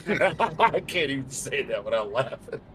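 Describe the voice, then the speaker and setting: A man's voice: mid-range voice, expressive, measured pace, a crowd in the background. A man joking crudely with friends during a game, teasing and laughing as he talks. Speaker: co-player in a gaming stream. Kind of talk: casual gaming chat.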